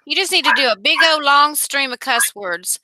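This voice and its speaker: A woman's voice: high-pitched, animated, moderate pace, very noisy. A woman chatting frankly as the host's friend on a livestream, plain-spoken and backing her up. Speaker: friend and co-host. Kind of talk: casual livestream chat.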